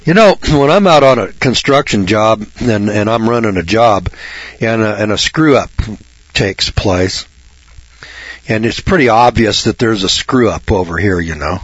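Husky-voiced man hosting a radio talk show. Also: fairly low pitch, a little slow, dry recording, highs cut off. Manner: folksy, blunt, frequent throat clearing.

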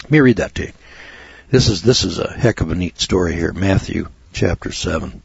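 A man preaching an informal sermon as a lay preacher, blunt and folksy with rough language. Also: deep voice, brisk, no room sound, highs cut off.

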